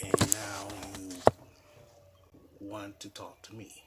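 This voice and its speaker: A man's voice: lowish voice, flat delivery, unhurried, heavy background noise. A man telling a personal story in a casual, rambling way, full of "you know" fillers and blunt, profane asides. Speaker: vlogger.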